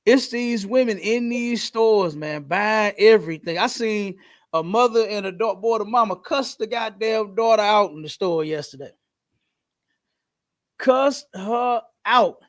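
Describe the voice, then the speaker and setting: A man's voice: high-pitched, measured pace. A man teaching a class in a loose, casual way, telling stories and swearing freely. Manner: loose, profane, storytelling.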